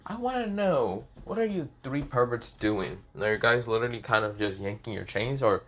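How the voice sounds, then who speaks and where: A man's voice: medium pitch, lively intonation, normal speed, fairly bright tone. A man putting on a teasing teenage schoolgirl. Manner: playful, cheeky, girly.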